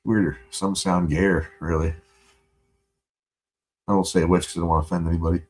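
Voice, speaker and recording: A man's voice: low-pitched, fairly even intonation, moderate pace. Buzzed man ranting angrily, profane. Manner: profane, angry venting, swings loud. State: buzzed and high. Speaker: livestreamer. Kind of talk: casual livestream rant.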